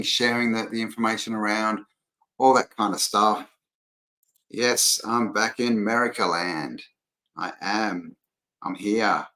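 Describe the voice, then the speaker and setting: A man's voice: fairly low pitch, a bit bright, low-quality recording. An Australian man hosting a casual livestream, rambling chattily and greeting viewers by name as he reads their comments. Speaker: livestream host.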